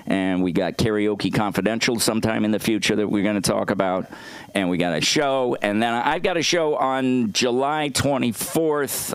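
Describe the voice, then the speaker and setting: Low smooth-voiced man plugging shows. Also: no room sound. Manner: rattles off a quick list of plugs. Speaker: comedy teacher and show host. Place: comedy club stage.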